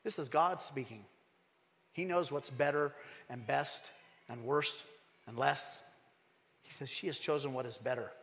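A man preaching a sermon as pastor, animated and emphatic, asking his congregation questions. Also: medium pitch, measured pace, long pauses, in a large hall.

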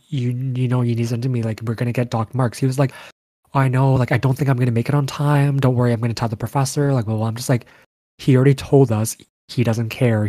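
A young man in casual chat, telling animated stories with lots of fillers. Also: medium pitch, dry recording. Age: young adult. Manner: animated storytelling, frequent fillers.

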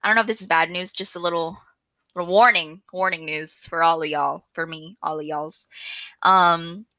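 A young woman rambles through her own podcast with loud, excited energy and a habit of laughing at herself. Her voice is bright and forceful but sits a little low. She is recorded close on a microphone in a dry room. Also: moderate pace, dry recording. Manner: chatty, loud and excitable, self-mocking. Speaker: podcast host. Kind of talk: casual solo podcast chat.

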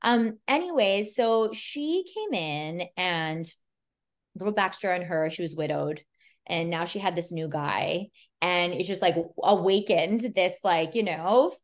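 A woman's voice: on the low side, lively intonation, a little slow. A woman photographer as a podcast guest, casually telling stories in a chatty way, full of "like" and "you know" and acting out what people said. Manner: chatty, filler-heavy, retells scenes with quoted dialogue. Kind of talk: casual storytelling chat.

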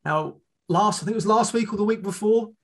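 Gravelly, higher-voiced man co-host. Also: fairly bright tone. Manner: drawn-out, rambling asides. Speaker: podcast co-host. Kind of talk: casual podcast chat.

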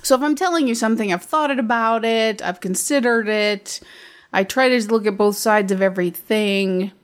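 A woman in her fifties talks in a loose, casual podcast chat. She is blunt and straight-talking, with no filter, and she laughs easily between her points. Her voice sits at an ordinary middle pitch for a woman. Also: normal speed. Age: 50s. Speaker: podcast co-host.

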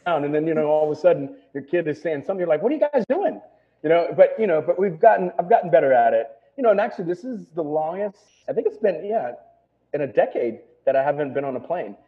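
Middle-aged man, restaurateur guest, quick rambling casual talk full of fillers, phone-line sound. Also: a little high, expressive. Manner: rambling, full of "you know" and "right?". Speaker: restaurant owner.

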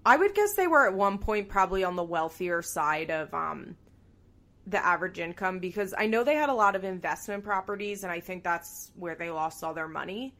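A woman's voice: fairly low pitch, expressive, a little fast, a bit bright. A woman co-hosting a podcast, chatting casually and animatedly, laughing often and swearing now and then. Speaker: podcast co-host. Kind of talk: casual chat recapping a reality show.

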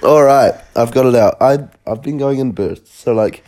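A man's voice: medium pitch, normal speed, a little mellow. A young man co-hosting a casual podcast while sick and coughing, blunt and laid-back, swearing freely. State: sick, coughing, sore throat. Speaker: podcast co-host.

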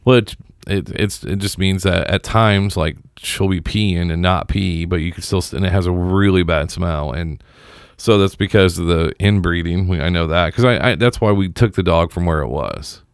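A middle-aged man with a very low, deep voice talks casually into a close studio mic. He rambles and halts, restarting his sentences often. The sound is dry and close. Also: clear, resonant tone, dry recording. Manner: rambling, halting, many restarts. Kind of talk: casual chat.

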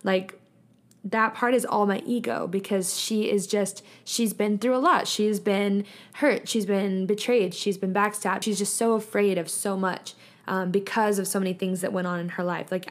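Chatty young woman saying "like" constantly. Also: mid-range voice. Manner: chatty, says "like" constantly, reflective and earnest. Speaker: podcast host. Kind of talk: casual solo podcast monologue.

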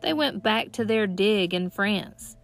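A boastful, old-fashioned boy, put on by a woman reading an audiobook. He talks loud and scornful with quaint sayings, bossing his friend around. Faint music plays underneath. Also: mid-range voice, lively intonation, takes it slowly. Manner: scornful, old-timey turns of phrase. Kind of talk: audiobook narration.

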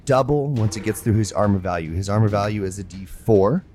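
A man running a tabletop role-playing game as game master, narrating in a relaxed, laughing way with lots of fillers. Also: fairly low pitch, a little fast, soft background music.

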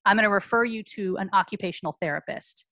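A woman around her forties, a mother, speaks as a podcast guest and recounts her family's experiences frankly and briskly. Her mid-range voice has a sharp tone, she acts out the voices of the people she quotes, and the recording is dry.

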